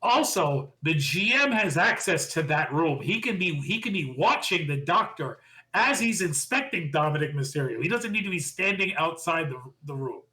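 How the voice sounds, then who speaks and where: A man co-hosting a podcast, excitedly retelling a wrestling show and acting out quotes with lots of laughter. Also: on the high side, normal speed. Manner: excitable storyteller, laughs often, acts out quotes. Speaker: podcast co-host. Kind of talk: casual wrestling recap chat.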